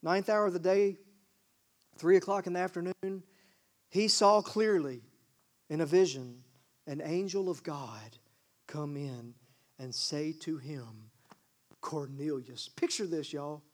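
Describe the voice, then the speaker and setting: High-pitched pastor, emphatic, asks the room questions as he preaches. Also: slow, long pauses. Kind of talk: sermon.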